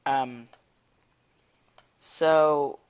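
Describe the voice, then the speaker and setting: A teenage boy telling a story in a casual vlog, rambling and excitable, with many fillers. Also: fairly high pitch, extremely slow, smooth. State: eating while talking. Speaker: vlogger. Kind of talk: casual storytelling while drawing.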